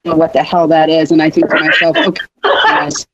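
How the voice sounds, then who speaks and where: A woman co-hosting a radio chat, telling stories in an animated way and acting out the quotes. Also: low-pitched, fast, no room sound. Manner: animated storyteller, acts out quotes. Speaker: show regular, co-host. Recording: dry, dull line.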